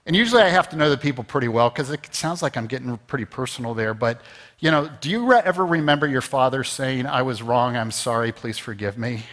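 A man's voice: mid-range voice, lively intonation, quick pace, fairly bright tone. A man preaching a conversational sermon as pastor, rising to emphatic peaks. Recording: long reverb of a large hall.

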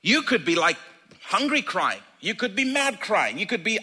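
A man preaching a sermon in a conversational, animated way, acting out little asides. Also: high voice, moderate pace, slightly rough.

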